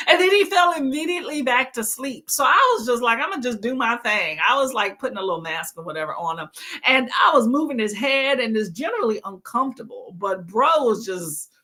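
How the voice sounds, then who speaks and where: A woman's voice: on the high side, lively intonation, a little fast, pushed and bright. A tired woman hosting a casual reading livestream, chatty and laughing often as she greets her chat. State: tired from no sleep. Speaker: livestream book club host.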